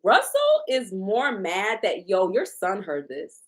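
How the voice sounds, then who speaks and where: A woman's voice: medium pitch, huge pitch swings, slow pace. A woman giving a casual tarot reading, talking emphatically with lots of repetition and profanity. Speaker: tarot reader.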